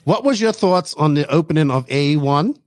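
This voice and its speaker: A man's voice: on the high side, lively intonation, normal speed, no echo. A man hosting a podcast, chatting casually and teasing his co-host. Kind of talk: casual chat.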